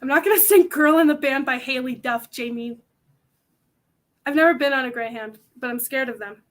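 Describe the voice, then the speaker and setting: A woman's voice: high voice, moderate pace. A young woman hosting a convention panel, chatting casually to the audience in a rambling, self-mocking way.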